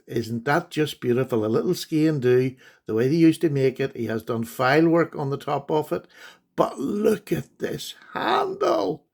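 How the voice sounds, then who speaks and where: A middle-aged man hosting a casual vlog, chatting fondly and a little rambly while showing knives to the camera. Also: fairly high pitch. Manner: chatty, rambling, fond and enthusiastic. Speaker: host, knife collector.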